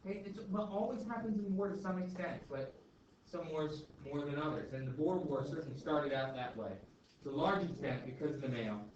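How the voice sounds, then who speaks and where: A man's voice: on the high side, animated, fairly quick, darkish tone. A male teacher lecturing a class in a casual, chatty way, checking in with "okay?" and "right?" all the time. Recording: echoey classroom, far mic, dull and noisy.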